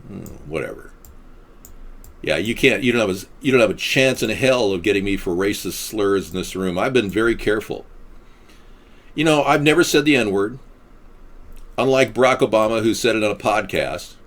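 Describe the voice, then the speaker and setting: A man's voice: lowish voice, expressive, normal speed, long pauses. A man hosting a casual political chat show, rambling and sarcastic. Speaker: host.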